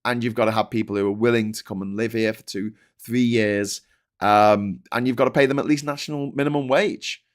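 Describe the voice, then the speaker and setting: A man's voice: mid-range voice, steady tone, brisk. A man hosting a livestreamed news show, ranting in exasperation about the day's stories and reading out viewer chats.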